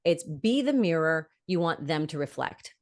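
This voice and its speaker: A woman with a low voice talks through her points in a relaxed interview, leaning hard on key words. She acts out sample questions as she explains, in the steady way of a middle-aged expert. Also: normal speed. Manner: emphatic, explains with acted example questions. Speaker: negotiation expert guest. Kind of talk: conversational interview.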